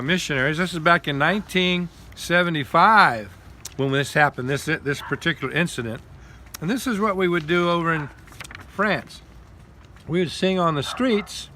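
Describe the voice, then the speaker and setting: An older man casually telling a missionary travel story outdoors in the cold while his wife films him on a phone, folksy and quick to laugh. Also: on the high side, bright, forceful tone, a little hiss or hum. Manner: chatty, folksy, laughs often. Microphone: phone camera held by his wife.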